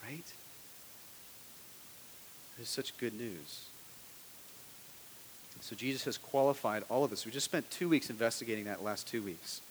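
A man's voice: medium pitch, unhurried, long pauses, in a large hall, a little hiss or hum. A man preaching a sermon as a pastor in a conversational style, often asking his listeners "right?".

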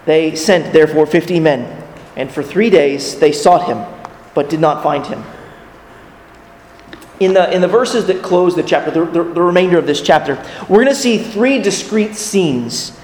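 A man's voice: a little high, moderate pace, a little mellow. A man preaching a sermon as a pastor, earnest in tone, putting rhetorical questions to his listeners. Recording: echoey hall with long reverb.

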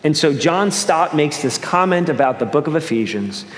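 A pastor from the American Northeast preaches earnestly in a church sanctuary, his slightly high voice expressive and moving at a moderate pace. He often restarts his phrases and shifts his speed. The hall is echoey, with long reverb.

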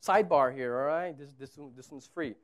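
A man in his thirties preaches as a pastor with a fairly high pitch and a slightly fast pace. He keeps it conversational, moving from soft asides to loud, emphatic repetition.

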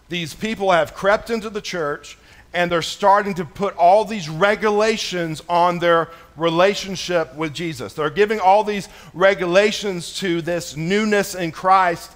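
High-voiced man preaching casually, with many fillers. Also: fairly bright tone. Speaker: pastor. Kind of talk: sermon. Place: church.

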